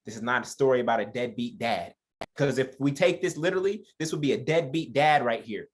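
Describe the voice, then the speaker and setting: A man's voice: medium pitch, a little fast. Joking man leading a Bible study. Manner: joking, conversational, addresses listeners as y'all; reads verses aloud then comments. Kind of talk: informal Bible study teaching.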